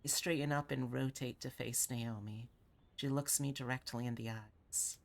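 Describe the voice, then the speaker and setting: A woman's voice: rumbling low, steady tone, normal speed, gravelly. A woman VTuber reading visual novel narration aloud on a live stream, breaking off to comment.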